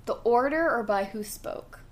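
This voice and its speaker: A woman's voice: on the high side, moderate pace. Eager young woman explaining theories. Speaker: co-host. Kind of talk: casual chat.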